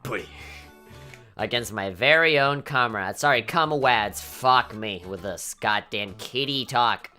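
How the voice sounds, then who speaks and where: A woman giving casual, animated gameplay commentary, swearing often and breaking into mock-indignant outbursts. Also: rumbling low, measured pace, hardly any pauses, soft background music. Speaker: let's play commentator.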